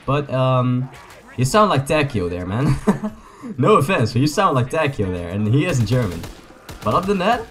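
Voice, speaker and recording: A young man, a native Dutch speaker, gives excitable, joking, rambling commentary to his viewers as he plays a video game. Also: mid-range voice, moderate pace. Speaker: gaming YouTuber. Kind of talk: casual gameplay commentary.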